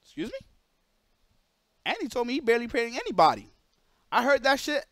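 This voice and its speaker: A man streaming live, telling a story in an animated way, emphatic and profane and repeating himself for emphasis. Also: very high-pitched, fast talker, no echo, clean studio sound.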